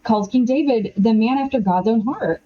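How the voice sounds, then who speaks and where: A middle-aged woman, an author and podcast guest, talking in an animated, chatty way with many quoted asides. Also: a little high, moderate pace, dull audio. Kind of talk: casual conversational interview.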